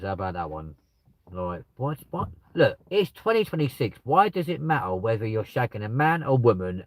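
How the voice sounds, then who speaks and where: Male streamer, crude banter, low-ish voice, dry close sound. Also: no room sound. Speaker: livestreamer reading out chat. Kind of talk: casual chat. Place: at home with dogs nearby.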